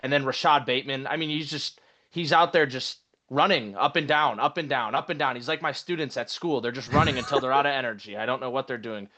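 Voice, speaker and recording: A man's voice: medium pitch, quick pace, pushed and bright. A man doing an impression of a fed-up male fantasy football manager, ranting and swearing. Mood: exasperated. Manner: exasperated rant, swearing. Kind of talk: mock impression in podcast chat.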